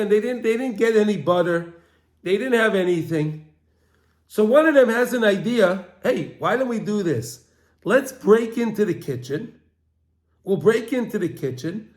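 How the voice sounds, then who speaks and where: A man who teaches religion, telling a long story in a halting way and repeating phrases again and again. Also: high voice. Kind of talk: storytelling lesson. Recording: roomy echo.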